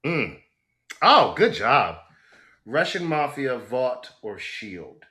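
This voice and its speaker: A middle-aged man guest in a casual interview, telling a story with lively acted-out quotes. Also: slow. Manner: animated storyteller, acts out quotes with big pitch jumps. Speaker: actor guest.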